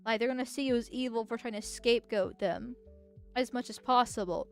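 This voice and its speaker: A woman streamer giving casual commentary on posts, thinking out loud and restarting her sentences often. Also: fairly high pitch, brisk, faint music behind. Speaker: political streamer.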